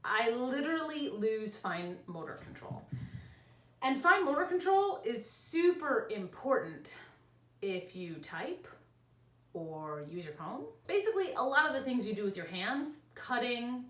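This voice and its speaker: Lively, higher-pitched woman vlogging at home. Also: measured pace, distant mic. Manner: chatty, animated, laughs easily. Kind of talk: casual explanatory vlog. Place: home room with cats. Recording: echoey room with faint ambience.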